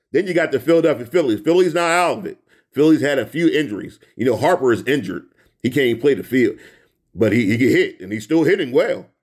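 A man's voice: mid-range voice, darkish tone. A man hosting a solo sports talk show, speaking in a preachy, emphatic way and repeating his points. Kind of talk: casual sports commentary monologue.

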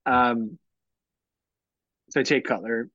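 This podcast co-host, a man in his thirties, takes his time in a mid-range voice, chatting casually and animatedly acting out the quotes in his stories. The recording sounds dry and muffled.

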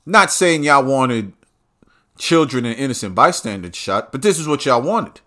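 A man's voice: medium pitch, expressive, normal speed, pushed and bright. A man delivering a heated, profane and repetitive ranting monologue.

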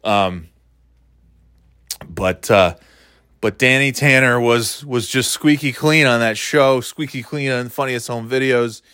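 A man, talking in a rambling, profane, animated way, dropping into quick impressions. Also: mid-range voice, clear, resonant tone, no room sound, studio quality. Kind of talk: casual comedic monologue.

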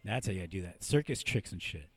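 A man's voice: low voice, animated, fast, fairly bright tone, slightly rough. A man hosting a podcast, telling rambling, profane stories in casual chat. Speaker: podcast host.

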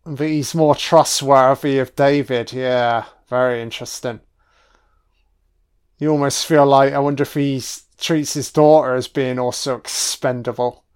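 A man giving a casual, sweary audio commentary on a film, reacting out loud to what he sees. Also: mid-range voice, fairly even intonation, measured pace, clean tone. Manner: sweary, exclaiming reactions at the screen.

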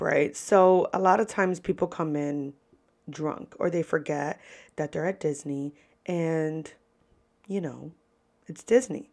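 Animated young woman telling server stories. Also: gravelly. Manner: animated, profane, lively pitch swings. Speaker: podcast host and restaurant server. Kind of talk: casual storytelling.

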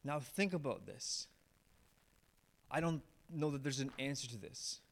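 A man, a pastor, preaching a sermon. He tells the story with feeling, raising his voice on some lines and dropping low and quiet on others. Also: unhurried, gravelly. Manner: animated storyteller, swings from raised emphatic lines to low hushed ones.

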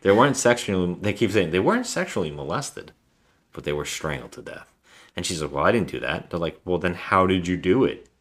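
Male podcast co-host, very low voice, animated, acts out film dialogue. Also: a little fast. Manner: animated retelling, acting out film lines. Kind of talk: casual film review chat.

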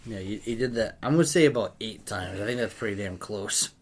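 Here a man with a rather low voice talks fairly quickly in a casual chat. He giggles his way through funny stories, laughing often and acting out quotes from others.

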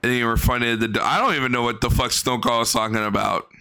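A man's voice: medium pitch, fairly even intonation, fast talker, gravelly, pushed and bright, smooth. A man giving blunt, profane commentary on a livestream, ranting in exasperation.

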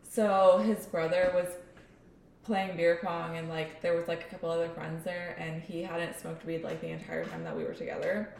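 A woman's voice: lowish voice, expressive, moderate pace, darkish tone, recorded from a distance. A young woman co-hosting a podcast, chatting casually and joking along. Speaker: podcast co-host. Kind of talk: casual chat. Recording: roomy echo, faint noise.

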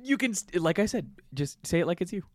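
A man's voice: sits high, expressive, quick pace, no room sound, studio quality. A young man co-hosting a podcast, teasing and prodding his friends in a pushy, profane casual chat. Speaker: podcast co-host.

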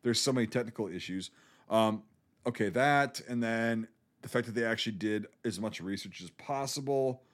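A man's voice: on the low side, normal speed. A man co-hosting a casual film podcast, speaking emphatically and swearing often. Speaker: podcast co-host.

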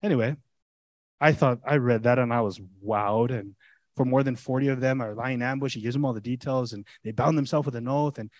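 Animated preaching man, dry close sound. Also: mid-range voice, a little fast, no room sound. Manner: animated, conversational preaching with rhetorical questions. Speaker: pastor. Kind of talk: sermon.

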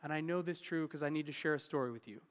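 A male pastor in his thirties gives a sermon, sharing personal stories earnestly and candidly, restarting sentences along the way. His voice is a little high and he talks fast, with a big-room sound.

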